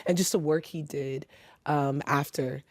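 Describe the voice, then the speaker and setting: A woman's voice: deep voice, fairly even intonation, a little slow, no room sound. Enthusiastic New York woman co-hosting. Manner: enthusiastic, laughs often. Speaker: podcast co-host. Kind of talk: casual chat.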